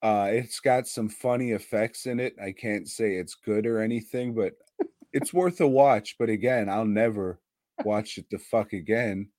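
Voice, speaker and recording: A man's voice: on the low side, normal speed, darkish tone, no echo, studio quality. A man co-hosting a podcast, chatting casually about horror movies, swearing constantly and laughing often. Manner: profane, rambling, laughs often. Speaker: podcast co-host.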